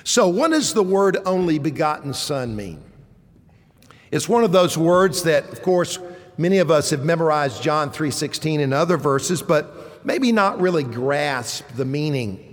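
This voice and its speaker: A man preaching a sermon to a congregation, deliberate and emphatic as he explains scripture. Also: fairly high pitch, expressive, big-room sound. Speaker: pastor.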